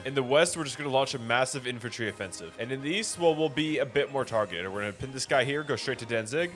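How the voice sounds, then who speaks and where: An excitable young man talks through his strategy game at a brisk, rattling pace, slangy and chatty as he calls out to his viewers. His voice sits at an ordinary middle pitch. Soft game music plays faintly behind him. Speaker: gaming YouTuber. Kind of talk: casual gameplay commentary.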